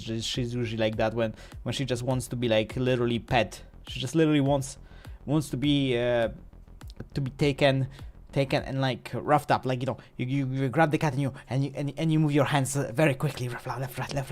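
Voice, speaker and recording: A man's voice: medium pitch, a little fast, a little mellow. A man streaming live, chatting casually with his viewers in a playful, rambling way. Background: faint music.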